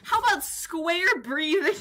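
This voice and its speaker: A young woman streamer giving playful, goofy commentary on a game, animated and jokey with bursts of shouting. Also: very high-pitched, slow pace. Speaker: gaming streamer.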